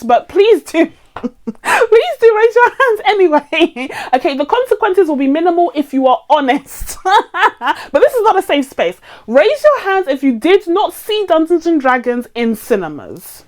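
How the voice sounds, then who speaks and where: A woman's voice: high-pitched, sing-song, measured pace. A woman hosting a film review channel, chatting casually and animatedly to her viewers, often laughing as she talks. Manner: talks straight to viewers, teasing.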